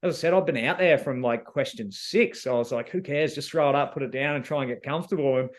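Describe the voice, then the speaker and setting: Australian man, easygoing and slangy, rambling interview answers, middle pitch. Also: fast talker. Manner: laid-back, slangy storytelling with many fillers. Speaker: reality show contestant.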